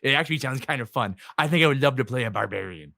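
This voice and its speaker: A man playing his character in a tabletop game, talking in an animated, stammering, self-conscious way. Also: medium pitch, fast, gravelly. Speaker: player voicing a kid character.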